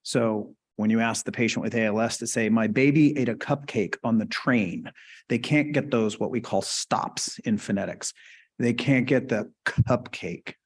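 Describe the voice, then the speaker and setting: A man's voice: lowish voice, moderate pace. A man giving a live lecture at a medical conference, explaining terms casually and checking in with the audience. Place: conference hall.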